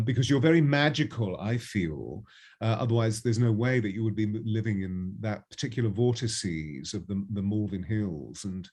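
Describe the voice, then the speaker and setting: Effusive spiritual guest, male, lowish voice, flowery call-in chat. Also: a little mellow. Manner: effusive, flowery, calls listeners darling. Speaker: spiritual guest answering callers. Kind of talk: live call-in show chat.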